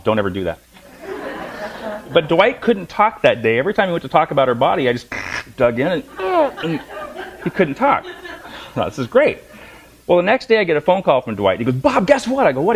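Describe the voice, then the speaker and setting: Middle-aged male bodywork instructor, quick-paced, storytelling lecture with humor. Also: medium pitch, slight background noise, poor audio. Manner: storytelling with humor, acts out voices. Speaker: massage instructor. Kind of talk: lecture to a class.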